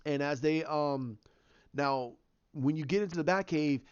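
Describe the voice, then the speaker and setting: A man's voice: a little high, a little slow, smooth, highs cut off. A man casually retelling his own movie idea, rambling with lots of restarts and fillers. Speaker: fan pitching a movie idea.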